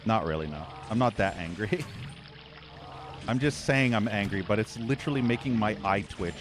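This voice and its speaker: A man's voice: fairly low pitch, expressive, moderate pace, noisy background. A man doing let's play commentary, ranting at the game with a profane, exasperated edge. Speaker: gaming channel host.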